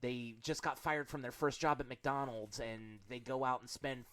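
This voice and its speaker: Guy cohosting a podcast, blunt and sweary, mid pitch, dry close sound. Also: moderate pace, fairly bright tone, dry recording. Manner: blunt, profane, emphatic. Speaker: podcast co-host. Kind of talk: casual chat.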